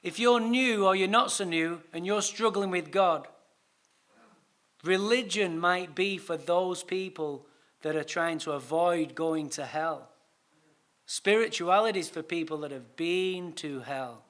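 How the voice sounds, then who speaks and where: A man giving a recovery talk at a conference, telling a story with lively acted-out dialogue and casual swearing. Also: high voice, a little slow. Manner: animated, swearing, acts out his own dialogue. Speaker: recovery speaker.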